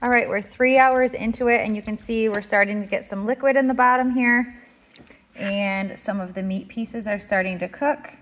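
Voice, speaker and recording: A woman explaining a kitchen task step by step in a relaxed, casual tutorial, with the odd filler. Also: on the high side, moderate pace. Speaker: homestead cooking instructor. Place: home kitchen.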